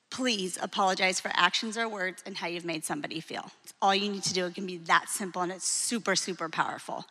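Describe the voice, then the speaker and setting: A woman in her forties, a marriage coach, giving a lively, frank and encouraging talk to a live audience. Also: medium pitch. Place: hall with an audience. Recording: long reverb of a large hall.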